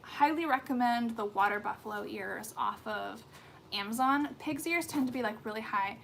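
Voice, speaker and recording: A woman's voice: fairly high pitch, normal speed, creaky, fairly bright tone, slight background noise. Chatty, rambling woman on a home livestream. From United States. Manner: chatty, rambling with many fillers and restarts. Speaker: skincare livestream host. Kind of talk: casual livestream chat. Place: home room with pets.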